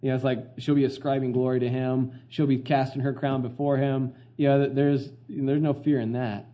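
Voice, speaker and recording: A man's voice: mid-range voice, flat delivery, normal speed, dull audio. Earnest middle-aged male preacher. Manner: earnest, conversational preaching with many fillers and restarts. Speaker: pastor. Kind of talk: sermon.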